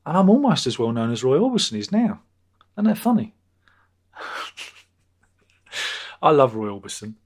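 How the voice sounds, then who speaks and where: A man's voice: mid-range voice, big pitch swings, a little slow, pauses often. Rambling, jokey man in his fifties. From Britain. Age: 50s. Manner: rambling, jokey, crude asides, many repetitions. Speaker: livestream host. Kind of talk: casual live-stream chat, reading out viewer comments.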